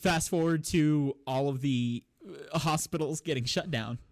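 A man co-hosting a casual podcast, telling a story with lots of laughter and quick put-on voices for the quoted lines. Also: on the high side, no room sound. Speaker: podcast co-host. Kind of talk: casual chat, retelling a cartoon episode.

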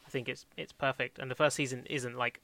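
Bright-voiced man rambling casually. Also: mid-range voice, little pitch movement, fairly quick, gravelly, dry recording. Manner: rambling, many fillers and restarts, laughs often. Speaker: podcast co-host. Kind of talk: casual chat reviewing TV shows.

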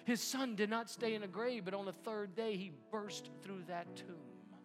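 A middle-aged male pastor preaching a sermon, swinging from hushed near-whispers to loud, near-shouted passages. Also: high-pitched, animated, measured pace, over music.

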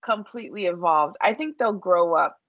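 This podcast co-host is a woman with a New York accent, talking loosely about reality TV with bluntness, swearing, and plenty of filler words. She speaks at a moderate pace in a fairly bright voice on the low side, and the audio is dull with no room sound.

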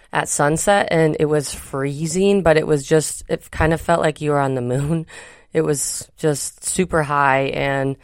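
A woman's voice: sits low, clear, resonant tone, no room sound, clean studio sound. A woman co-hosting a podcast, telling a travel story in a chatty, rambling way with many fillers. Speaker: podcast co-host. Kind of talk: casual chat.

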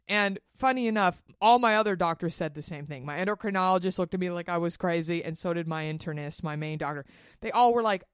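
A woman hosting a solo podcast, talking candidly and animatedly, swearing freely and jumping up high in pitch when she gets worked up. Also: expressive, fairly quick, clear, resonant tone, dry recording, studio quality. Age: 30s. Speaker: podcast host. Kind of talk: casual solo podcast monologue.

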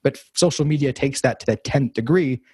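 A young man with a slightly husky voice talks in a loose, reflective way, circling back and restarting his sentences. The sound is dry and close, with almost no room around it. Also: medium pitch, brisk, darkish tone, dry recording. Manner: rambling, reflective, many fillers and restarts. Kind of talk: casual conversation.

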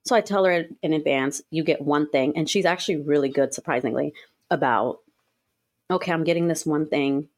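Lowish voice woman, laid back rambly podcast chat, laughs a bunch. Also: fairly quick. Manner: relaxed, rambling, laughs often. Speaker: podcast co-host. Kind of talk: casual chat.

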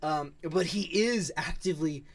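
Animated young man chatting on a podcast. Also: on the high side, unhurried, vocal fry, no room sound. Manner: animated, mock-outraged when teased. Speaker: podcast co-host. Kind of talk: casual chat.

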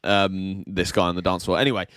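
A man's voice: sits low, level tone, brisk, fairly bright tone, clear, resonant tone, no echo. A man casually chatting on a podcast, telling sweary anecdotes and laughing often. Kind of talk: casual chat, storytelling.

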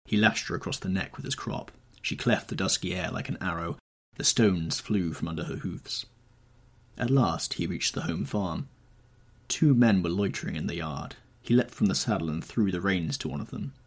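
A man narrating a classic novel chapter for a podcast in a measured, dramatic storytelling manner. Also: sits low, creaky, husky. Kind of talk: scripted narration.

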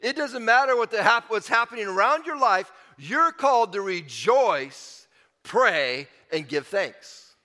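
A man's voice: sits high, sing-song, measured pace, pushed and bright, long reverb tail. A man preaching a sermon in an earnest, conversational way, repeating phrases and building to emphatic swells. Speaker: pastor.

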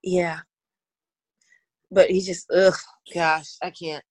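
A woman's voice: fairly low pitch, little pitch movement, takes it slowly, no echo. A woman co-hosting a podcast in casual, playful chat, laughing often and swearing casually. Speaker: podcast co-host.

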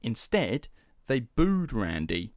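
A young man hosting a podcast, telling a story in an animated, casual way, swearing freely and using lots of fillers. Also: medium pitch, slow pace, no echo, studio quality. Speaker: podcast host.

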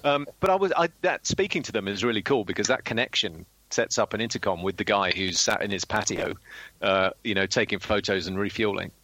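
A man's voice: on the low side, lively intonation, fairly quick, bright, forceful tone, no echo, poor audio. A man from Britain, a former military pilot, telling stories in a casual chat with frequent ums. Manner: anecdotal, full of filler ums.

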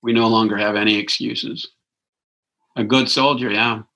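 A man's voice: lowish voice, steady tone, moderate pace, bright, forceful tone, rough recording. A man giving an informal spiritual talk as a Christian teacher, reflective and conversational, thinking aloud as he goes.

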